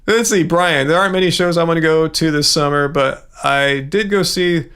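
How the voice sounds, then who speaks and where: A middle-aged man with a notably high-pitched voice hosts a livestream, chatting loosely and ranting with animated asides as he reads out viewer comments. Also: moderate pace, clean tone. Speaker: livestream host. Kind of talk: casual livestream chat reading viewer comments.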